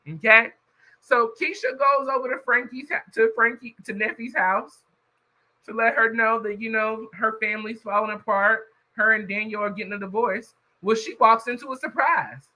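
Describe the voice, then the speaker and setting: A man's voice: high-pitched, pushed and bright, poor audio. A man casually recapping a story for his viewers, chatty and talking straight to the audience. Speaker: YouTube reviewer.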